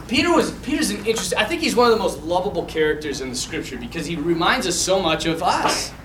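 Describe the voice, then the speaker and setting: A high, bright-voiced man teaches a Bible class to a mixed group in a relaxed, lively style, peppered with fillers and restarts. The room echoes, he's set back from the mic, and there's a little background noise.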